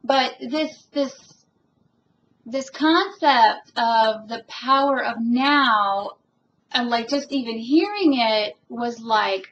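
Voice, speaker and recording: Slow, earnest woman musing aloud. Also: on the high side, a bit bright. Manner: earnest, rambling, many ums and restarts; emotional, self-described. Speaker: spiritual vlogger. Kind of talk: reflective personal monologue. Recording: dull lo-fi home recording.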